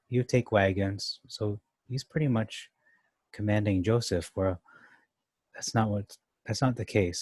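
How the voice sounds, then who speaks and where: Guy going verse by verse thru the bible, thinks out loud, lots of restarts, kinda deep voice. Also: no echo. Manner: thinks aloud, rereads and explains verses, many restarts. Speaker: Bible teacher. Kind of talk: casual Bible study commentary.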